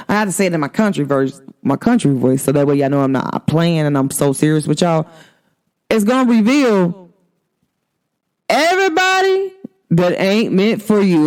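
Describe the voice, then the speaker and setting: Sassy, animated woman host. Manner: emphatic, sassy, slangy, swings pitch for emphasis. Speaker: astrology show host. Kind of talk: casual spiritual talk to viewers.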